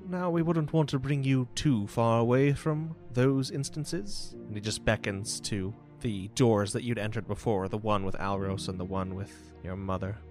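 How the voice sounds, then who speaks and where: A man voicing a kindly, weathered old butler who speaks with gentle, formal courtesy over background music. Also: on the low side, moderate pace, few pauses, natural voice.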